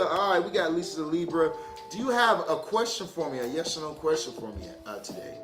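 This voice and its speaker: A man's voice: high voice, animated, quick pace. A man giving a casual livestream tarot reading, loose and profane, joking and laughing easily. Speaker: tarot card reader. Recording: echoey room with music.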